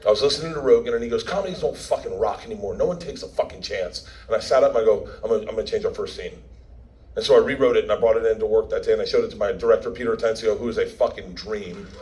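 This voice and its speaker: A man's voice: fairly low pitch, steady tone, rapid-fire, darkish tone, a little hiss or hum, rough recording. A man giving a speech at a premiere, telling a story in a brash, profane, laughing way and acting out the quotes. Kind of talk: stand-up style storytelling speech.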